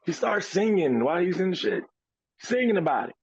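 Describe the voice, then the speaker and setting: A man co-hosting a podcast, telling a profane, animated story with a moral in a casual way. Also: sits high, brisk, husky, no room sound, highs cut off. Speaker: podcast co-host.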